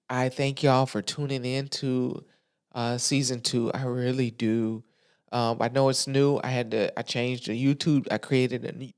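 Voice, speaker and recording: A podcast host giving a candid, emotional, colloquial monologue into a microphone, with frequent restarts. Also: mid-range voice. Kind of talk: casual heartfelt monologue. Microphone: studio microphone.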